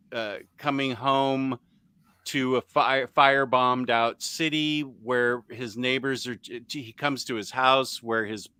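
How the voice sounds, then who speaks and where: Slow, crisp-voiced man chatting. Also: mid-range voice, sharp tone, no echo. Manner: halting, many ums and restarts. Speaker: podcast host. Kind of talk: casual chat. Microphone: USB microphone on computer.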